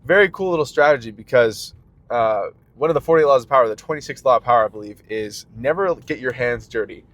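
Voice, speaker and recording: A man's voice: mid-range voice, expressive, fast talker, a bit bright. A man who runs a small business rants casually while driving his car, full of fillers and jumping between tangents. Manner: rambling, filler-heavy, jumps between tangents. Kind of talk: casual vlog rant.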